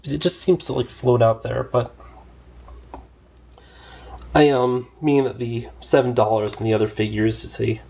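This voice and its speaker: Gravelly-voiced man rambling through a toy review. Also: mid-range voice, darkish tone. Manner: rambling, loose, lots of fillers. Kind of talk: casual toy review vlog.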